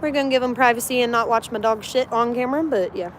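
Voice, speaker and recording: Young woman, chatty livestream host, a bit high-pitched, outdoors on a phone mic with faint background noise. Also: fast. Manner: chatty, talks baby talk to her dog. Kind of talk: casual livestream chat while walking a dog. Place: outdoors, walking around a residential complex.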